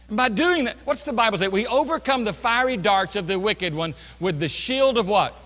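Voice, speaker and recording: A man preaching a sermon as pastor, swinging from loud bursts down to quiet, low passages. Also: expressive, a little fast, hardly any pauses, long reverb tail. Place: church sanctuary.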